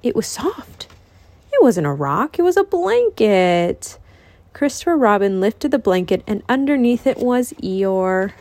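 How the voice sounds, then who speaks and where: A woman reading a children's picture book aloud as host of a reading channel, in an expressive, lilting voice. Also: a little high, measured pace, dry recording.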